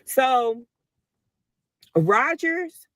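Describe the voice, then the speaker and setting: A woman's voice: high voice, very animated, very slow, a bit bright, dry recording. A mother telling a personal story to viewers in a casual, emotional way, talking straight to them as y'all. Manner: talkative, emotional, addresses listeners as y'all.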